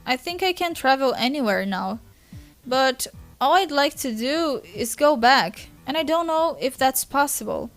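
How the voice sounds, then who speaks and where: A woman's voice: high voice, lively intonation, measured pace, soft background music. A woman with a Brazilian Portuguese first language voicing a weepy teenage girl sprite who breaks into sobbing boo-hoo cries.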